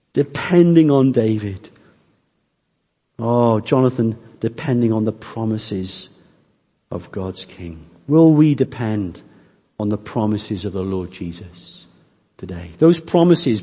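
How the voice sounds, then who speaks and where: A man preaching a sermon, earnest and emphatic, speaking directly to his congregation with slow, stressed phrases. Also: fairly high pitch, warm tone, long reverb tail.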